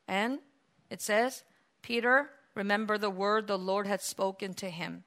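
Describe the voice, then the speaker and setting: A woman preaching a sermon, moving from quiet, reflective passages to loud, emphatic ones and acting out the quoted lines with drama. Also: medium pitch, fairly even intonation, unhurried.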